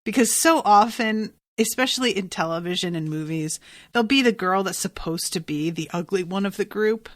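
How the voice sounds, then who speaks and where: A woman's voice: medium pitch, normal speed, no echo. A woman co-hosting a podcast, recapping a TV episode in casual chat, blunt and exasperated, swearing freely. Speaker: podcast co-host.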